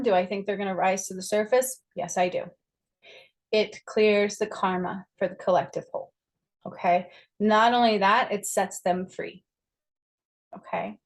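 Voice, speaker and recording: A woman's voice: mid-range voice, low-quality recording. A woman describing herself as a psychic medium, talking earnestly to camera and often checking in with "okay?". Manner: emphatic, repeats key phrases. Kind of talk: earnest spoken monologue to camera.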